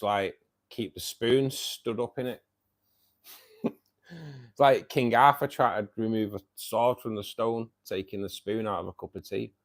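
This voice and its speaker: A man hosting a casual livestream. He reads out viewers' chat, says "mate" a lot and laughs often. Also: lowish voice. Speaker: livestream host reading chat.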